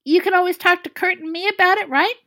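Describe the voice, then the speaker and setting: A woman's voice: very high voice, fast, pushed and bright, voice pushed up, exaggerated voice. A woman reading the part of an awkward, protective middle-aged father who mumbles his fatherly advice.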